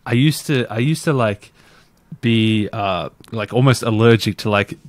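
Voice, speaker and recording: A man with a lowish voice talks freely as a podcast guest. He rambles, stacking fillers and restarting his sentences. The sound is dry and close, with no room around it. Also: measured pace, no echo. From Australia. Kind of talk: casual interview chat.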